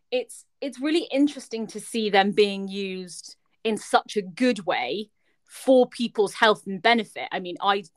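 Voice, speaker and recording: Woman hosting, mid pitch, dry close mic, asks stuff curious and loose. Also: no echo. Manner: warm, curious, with hedging fillers. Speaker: interviewer host. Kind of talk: casual interview questions.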